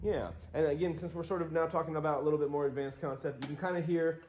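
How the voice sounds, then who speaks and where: His voice a little high, a man talks fast with few pauses over loud music, teaching drums casually. He stays relaxed and counts beats out loud as he plays, recorded in a roomy studio with loud drums.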